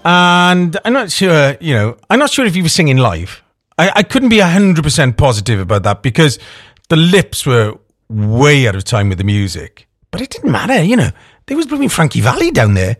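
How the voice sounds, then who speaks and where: Male radio host, rambling, gushing, self-mocking, lively sing-song delivery. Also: on the high side, normal speed. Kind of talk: comic radio presenting.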